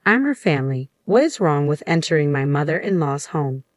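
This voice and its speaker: A man's voice: on the high side, sing-song, fairly quick, no echo, studio quality. A woman reading the lines of a selfish young ex-husband who turns defensive and pushy. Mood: angry.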